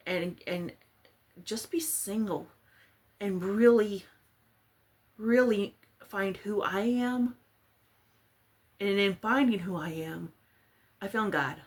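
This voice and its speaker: A woman from Texas, chatting casually and rambling as she works on a craft project. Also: fairly low pitch. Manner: chatty, rambling, self-deprecating. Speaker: crafting vlogger. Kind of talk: casual chat while crafting.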